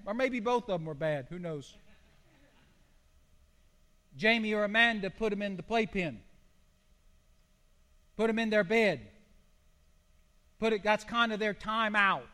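A man's voice: high voice, pushed and bright. An older man, a pastor, preaching a sermon in a folksy, storytelling way with homely illustrations. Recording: long hall reverb.

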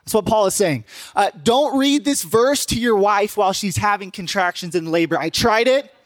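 A young male pastor delivers a casual sermon, joking with the congregation and addressing them directly. His voice is high-pitched, his pace normal, and there's no room sound on the recording.

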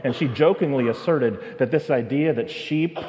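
A man preaching a sermon with humor, dramatic pauses and rising questions. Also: medium pitch, darkish tone. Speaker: pastor. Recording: long reverb of a large hall.

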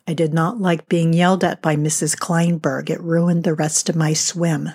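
A woman's voice: lowish voice, a little mellow. A woman from the United States hosting a podcast, telling a scripted humorous story in a wry, self-mocking way. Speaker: podcast host.

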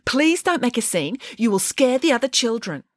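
A woman's voice: fairly high pitch, sing-song, moderate pace, a bit bright, no echo, studio quality, voice pushed up. A woman voicing an officious adult female shop elf who sticks stiffly to the rules. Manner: chirpy, stiff, rule-bound.

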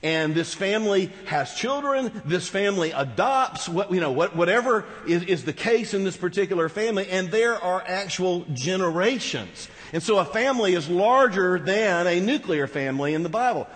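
Preaching in a large, reverberant church hall, a male pastor speaks at normal speed with hardly any pauses. His voice is high-pitched, animated and fairly bright. He keeps it conversational, with rhetorical asides to the congregation.

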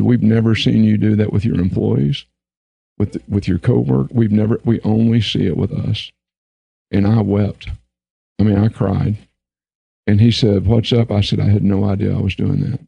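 A man telling a personal business story in an earnest, relaxed conversational way, then giving practical advice over a remote call. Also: on the low side, creaky, husky, no room sound, rough recording. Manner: relaxed, earnest, anecdotal with frequent restarts. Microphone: remote video call.

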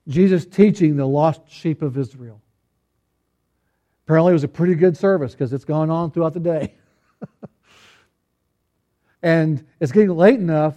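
A pastor gives a relaxed, conversational sermon, teasing his congregation and posing rhetorical questions. His voice is soft, mellow, and somewhat high for a man, and he frequently stumbles, restarts, and repeats words as he thinks out loud.

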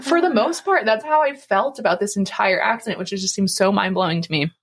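A woman's voice: mid-range voice, brisk, husky. A young woman co-hosting a casual faith podcast, rambling with many fillers and frequent laughs. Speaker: podcast co-host.

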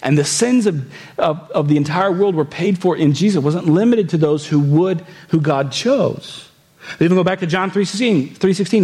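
A man's voice: sits high, moderate pace, darkish tone. A man preaching a sermon in a conversational way. He reads scripture aloud, explains it, and puts rhetorical questions to the congregation. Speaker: pastor.

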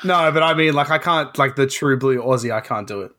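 A man co-hosting a casual podcast, talking in a relaxed, rambling way with many fillers. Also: medium pitch, a little fast. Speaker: podcast co-host.

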